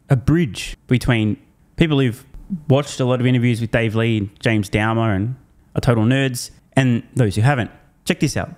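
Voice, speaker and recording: Male finance host at an average pitch, casual and sarcastic, animated commentary. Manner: animated, sarcastic, laughs and swears in disbelief; upbeat sponsor read.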